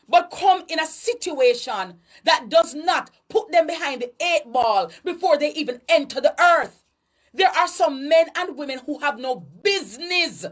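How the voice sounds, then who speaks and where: A Jamaican woman with a high voice delivers a preachy monologue of social commentary. She talks emphatically and lectures her listeners. Now and then she drops into patois. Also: fairly bright tone. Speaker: online commentator.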